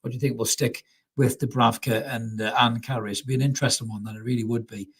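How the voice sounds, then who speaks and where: A husky-voiced middle-aged man, chatting casually as he hosts a live stream. He talks at an ordinary pitch, swears freely and piles on repeats like "really, really" for emphasis. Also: fairly even intonation, quick pace. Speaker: fan channel host reading live chat.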